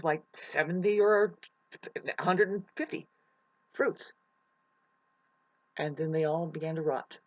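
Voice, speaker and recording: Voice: medium pitch, dry recording, lo-fi sound. A vlogger ranting emotionally to camera outdoors in the mountains, swearing and rambling. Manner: emotional, profane, restless.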